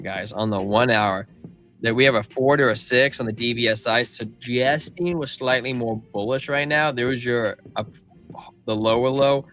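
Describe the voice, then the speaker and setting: Bright-voiced casual crypto stream host. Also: male voice, mid-range voice. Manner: casual slangy talk, calls viewers man and bro. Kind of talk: live chart analysis with chat.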